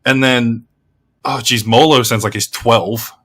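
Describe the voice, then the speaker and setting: A man's voice: medium pitch, steady tone, unhurried. An Australian man rants in a casual, blunt way, swearing a lot and rambling with frequent restarts. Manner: heavy swearing, blunt and exasperated. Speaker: gaming video creator. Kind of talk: casual game review rant.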